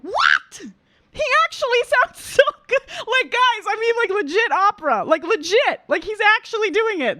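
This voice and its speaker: Young woman, opera coach type, reaction-video commentary; excitable, exclaims a lot, lively high voice, dry close sound. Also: no echo. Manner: excitable, exclaiming, breaks down vocal technique. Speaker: opera singer and vocal coach reacting to a performance.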